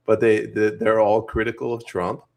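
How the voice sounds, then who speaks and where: A man co-hosting a podcast, giving measured, wry opinions on politics in casual conversation. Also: lowish voice, monotone, vocal fry, darkish tone. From Canada. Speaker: podcast co-host.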